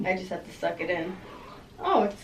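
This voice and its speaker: A woman's voice: fairly low pitch, expressive, fairly quick, slight background noise. A young woman rambling and giggling as she chats casually to the camera in a vlog. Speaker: vlogger.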